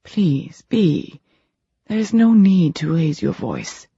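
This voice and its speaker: Quiet formal doctor, unhurried and husky, as a narrator puts him on; dull lo-fi audiobook recording. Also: medium pitch, big pitch swings, dry recording, heavily acted. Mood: patient. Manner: polite, measured, formal. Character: calm, soft-spoken courteous male doctor. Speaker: audiobook character.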